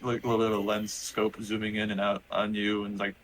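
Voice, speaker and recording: Low-voiced rambling male player. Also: monotone, fast talker, fairly bright tone, rough recording. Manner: rambling, many "like" fillers. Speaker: player narrating a robot character. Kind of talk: casual tabletop narration.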